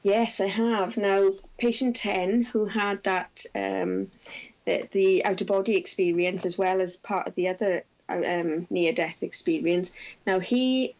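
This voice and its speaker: A woman in middle age talks through case stories from her research in an interview. Her delivery is measured and gentle, with small fillers as she gathers her thoughts. Her voice sits at an ordinary middle pitch. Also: steady tone, low-quality recording. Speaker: researcher and former intensive care nurse.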